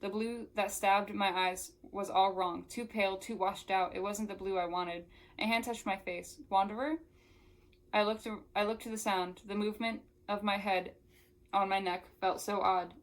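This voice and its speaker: A woman's voice: mid-range voice, steady tone, normal speed. A young woman who reviews books, reading a novel aloud and breaking off into casual, exasperated asides. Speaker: book reviewer.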